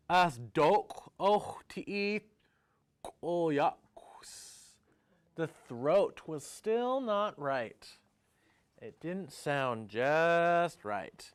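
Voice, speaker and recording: A man telling a traditional story, speaking each phrase slowly and then translating it into English, with chant-like repetitions. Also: a little high, lively intonation, clear, resonant tone. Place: community storytelling event.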